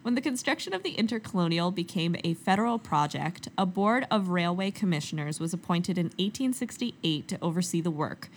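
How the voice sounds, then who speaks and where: A woman's voice: on the low side, lively intonation, fairly quick, hardly any pauses, slight background noise. Giggly young woman hosting a history podcast. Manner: giggly, playful, reads facts then jokes. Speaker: podcast co-host. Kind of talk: casual history chat.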